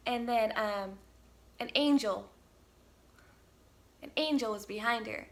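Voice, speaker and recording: A woman's voice: a little high, a little slow, long pauses. A woman giving a casual spiritual vlog talk outdoors, upbeat and encouraging, rambling with many fillers and restarts. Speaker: spiritual healer and channel. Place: outdoors on a windy day.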